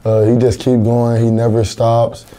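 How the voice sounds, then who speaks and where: Earnest young man, flat dark voice. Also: medium pitch, a little slow. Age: young adult. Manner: earnest, plain-spoken, repeats words as he thinks. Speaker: college football linebacker. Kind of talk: TV interview answers.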